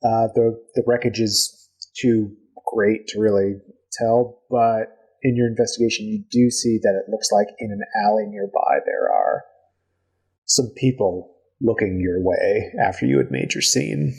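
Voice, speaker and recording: A man runs a tabletop game as game master. He has a husky voice and narrates in a relaxed, loose way. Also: on the low side, measured pace, poor audio.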